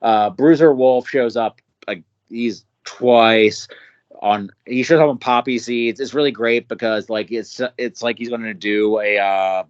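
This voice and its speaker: A man's voice: mid-range voice, steady tone, unhurried, clear, resonant tone, muffled recording. A man hosting a casual music podcast, talking in a rambling, enthusiastic way and swearing freely. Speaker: podcast host.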